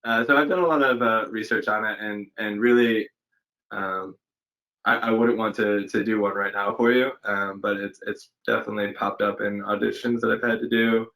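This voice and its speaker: A man with a fairly low voice talks through his answers slowly and reflectively. He hesitates, restarts his sentences and fills the pauses with "um". The talk is casual, recorded at home for an interview. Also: fairly even intonation, sharp tone, low-quality recording. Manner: thoughtful, hesitant, many fillers and restarts. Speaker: actor guest. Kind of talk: casual interview over video call. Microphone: home setup during lockdown.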